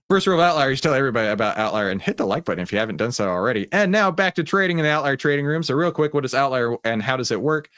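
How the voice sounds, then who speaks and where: A man's voice: medium pitch, lively intonation, quick pace, a bit bright, no room sound, clean studio sound. A middle-aged man with a Texan accent hosts a livestreamed trading room, talking casually with lots of fillers. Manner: casual and chatty, many fillers.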